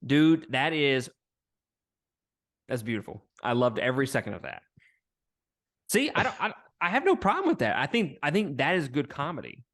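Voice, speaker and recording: A man's voice: mid-range voice, big pitch swings, normal speed, long pauses, fairly bright tone. A man co-hosting a podcast, chatting bluntly about a film and laughing often. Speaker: podcast co-host. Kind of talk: casual movie review chat.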